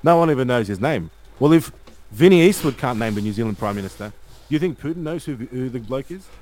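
A man's voice: medium pitch, expressive, quick pace, darkish tone, a little hiss or hum, poor audio. A man hosting a casual live stream, reading viewer comments aloud and rallying his audience.

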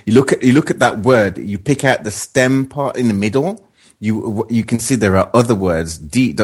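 Husky rambling man. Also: lowish voice. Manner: rambling, stumbles over words. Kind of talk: casual group chat.

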